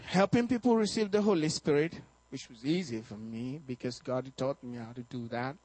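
A man telling a testimony in a sermon, animated and often laughing and shouting. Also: mid-range voice, normal speed. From Nigeria. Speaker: preacher.

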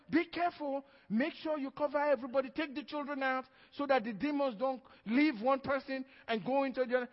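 High-voiced preaching man in echoing hall. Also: highs cut off. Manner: preaching with emphatic stresses and frequent "Amen?". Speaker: pastor. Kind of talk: sermon.

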